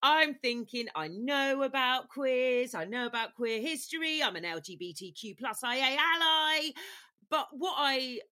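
A woman's voice: high-pitched, expressive, measured pace, sharp tone. A woman in her forties hosting a podcast, chatting in a cheeky, playful, bubbly way. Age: 40s. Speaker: podcast host. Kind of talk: casual podcast chat.

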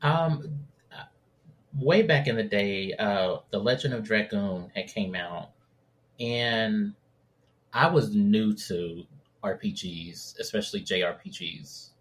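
Slow, halting low-voiced man. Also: lively intonation. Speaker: podcast guest. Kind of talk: casual chat.

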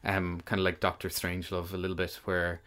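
A man from the chatting casually about films, wry and animated when riled. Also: low-pitched, fairly quick. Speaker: film review podcast host. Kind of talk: casual chat.

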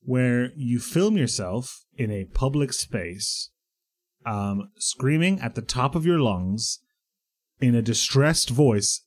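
A man co-hosting a casual podcast chat, telling relaxed anecdotes. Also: mid-range voice, slow. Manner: easygoing anecdotal storytelling, laughs often. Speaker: podcast co-host.

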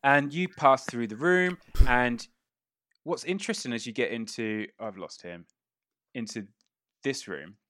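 A man's voice: mid-range voice, unhurried, a bit bright, no room sound. A man narrating a tabletop game as game master, casual and sweary, laughing often.

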